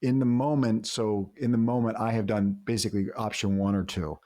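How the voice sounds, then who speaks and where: A man's voice: lowish voice, fairly even intonation, fairly quick, dark tone, dry recording, studio quality. A man hosting a podcast for fathers, talking casually and joking as he lays out everyday choices. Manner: joking, sets up scenarios as choices. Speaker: podcast host. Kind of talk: casual conversation on marriage and faith.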